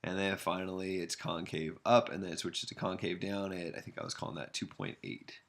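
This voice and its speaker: A man's voice: low-pitched, brisk. A man giving a casual math lesson, thinking aloud and making fun of his own drawing as he sketches a graph. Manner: relaxed, self-deprecating, thinks aloud while sketching. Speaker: math instructor.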